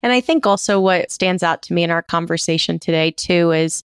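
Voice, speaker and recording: Woman podcast host, smooth clear voice, lowish, reflective, dry sound. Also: a little fast, few pauses, no echo. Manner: reflective, conversational. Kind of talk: casual podcast interview.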